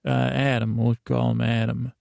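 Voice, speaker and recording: A male podcast host spins a comic story, rambling and halting as he goes. His voice is deeply gravelly and mellow-toned, with a flat pitch. The sound is close and dry. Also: no echo. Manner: rambling, halting, full of restarts.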